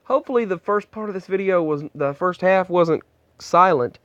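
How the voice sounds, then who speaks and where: A man speaks earnestly into an earbud microphone, his smooth, slightly high voice stumbling and restarting as he tells his own story. The sound is dry and close, though a little dull and muffled, as from a small indoor space. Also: a bit bright, no room sound. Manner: earnest, halting, many restarts. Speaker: vlogger. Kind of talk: personal storytelling vlog.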